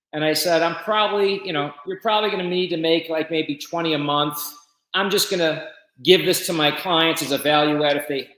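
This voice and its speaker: A man's voice: a little high, fairly bright tone, roomy sound, low-quality recording. A man, a business founder, tells his story casually in an interview and acts out the conversations he quotes.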